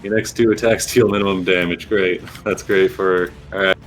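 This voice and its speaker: Deep-voiced man running a tabletop game. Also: fairly even intonation, moderate pace, soft background music. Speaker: game master.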